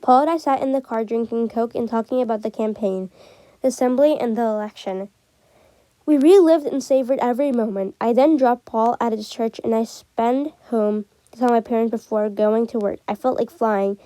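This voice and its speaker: A woman reading a novel aloud in a steady way, with occasional slips and restarts. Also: fairly high pitch, moderate pace, dry recording. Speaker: reader.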